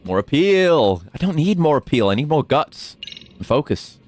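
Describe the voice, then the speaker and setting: A man's voice: fairly high pitch, sing-song, moderate pace, darkish tone, faint music behind. A young man casually commenting on a game as he streams, jokey and prone to swearing. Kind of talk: casual game commentary, reading dialogue aloud.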